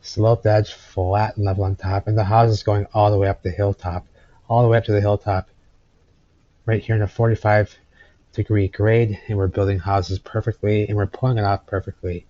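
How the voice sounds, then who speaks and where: A man's voice: flat delivery, normal speed, warm tone, no room sound. A man rambles through old photographs in casual commentary. He circles back and repeats phrases. The recording is dry and a little dull. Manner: rambling, repeats phrases, talks to his cat in a high cooing voice. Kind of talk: casual commentary over pictures. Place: indoors at home.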